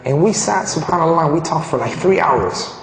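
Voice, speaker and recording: A man from Colombia giving a personal testimony, animated and restarting phrases as he tells his story. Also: fairly high pitch, fairly quick, vocal fry, a little hiss or hum. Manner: animated, acts out quoted dialogue, frequent restarts. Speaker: speaker sharing his conversion story. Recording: echoey hall reverb.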